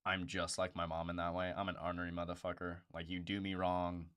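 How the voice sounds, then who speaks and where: A man's voice: low voice, monotone, a little fast, a bit bright, clean tone, no echo. A young man hosting a live stream in casual chat, blunt and profane, with lots of "bro" and "dude".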